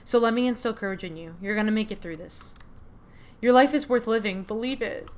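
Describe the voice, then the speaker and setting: A woman voicing a gentle, supportive young friend in a game, encouraging and warm. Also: a little high, a little fast, lightly acted.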